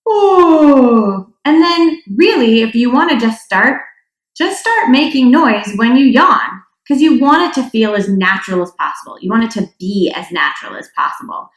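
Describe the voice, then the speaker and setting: A woman's voice: medium pitch, a bit bright. A young adult woman from North Dakota teaching a singing lesson, chatty, with demonstration sounds. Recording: echoey room.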